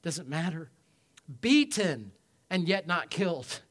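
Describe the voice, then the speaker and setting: A man preaching a sermon from the pulpit, his voice sitting a little high for a man. He takes his time, letting each phrase land slowly. His delivery is emphatic, climbing to loud peaks and then sinking low as he calls out for amens. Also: very animated. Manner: asks the congregation for amens. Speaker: pastor.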